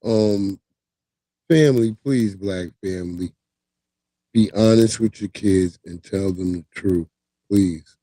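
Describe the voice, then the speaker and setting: A man in his thirties hosts a livestream, riffing on news clips with loose, profane, animated storytelling. His voice sits low and moves slowly, with frequent pauses, and there's no echo.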